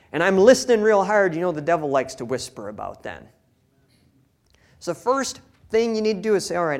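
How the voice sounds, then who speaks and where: A male pastor delivering a sermon in a folksy, emphatic way. He reads scripture passages aloud and breaks into plain-spoken, down-to-earth asides to the congregation. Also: a little high.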